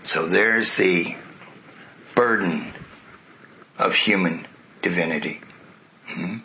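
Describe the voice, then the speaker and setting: A man's voice: deep voice, slow pace, sharp tone. A man retelling a sacred epic as a spiritual teacher, talking conversationally and turning aside to question his listeners. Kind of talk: retelling scripture with commentary. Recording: muffled lo-fi recording, faint hiss.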